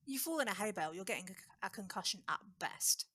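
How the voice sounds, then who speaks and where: A woman guest on a casual podcast, talking quickly and informally with lots of "like". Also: medium pitch, expressive, sharp tone, slightly rough, dry recording.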